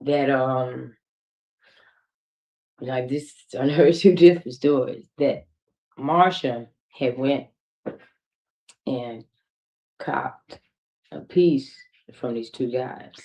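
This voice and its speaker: A woman's voice: extremely low pitch, drawn-out words, pauses often, mellow, poor audio. A woman with a Midwestern US accent, speaking as a witness in a recorded police interview, hesitant and rambling, with many "you know"s.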